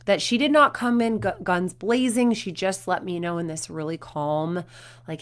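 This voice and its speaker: A woman's voice: medium pitch, normal speed. A woman in her thirties, a performance coach, talking to parents and telling stories with acted quotes. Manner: animated storytelling with acted quotes.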